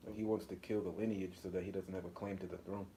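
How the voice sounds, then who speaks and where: Mellow-toned man in laid-back chat. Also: sits low, level tone, quick pace, a little hiss or hum. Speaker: manga review podcast co-host. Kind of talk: casual chat, reading comic aloud.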